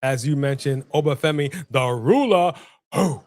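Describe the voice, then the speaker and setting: Man, mid-pitch, chatty livestream co-host. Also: normal speed. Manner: chatty, animated, addresses the chat. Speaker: co-host of a wrestling watch-along. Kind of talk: casual live-stream chat.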